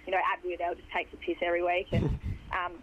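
Hoarse Australian woman on a phone line. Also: fairly low pitch, completely flat delivery, fast, a little hiss or hum. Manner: chatty, rambling with fillers. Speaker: footballer guest. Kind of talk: phone interview.

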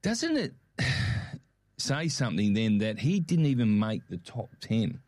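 A man with an Australian accent, co-hosting a casual show and telling a lively shopping story, acting out the voices in his quotes. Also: on the low side, a little slow, dry recording, studio quality. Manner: animated, acts out quoted voices. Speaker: podcast co-host.

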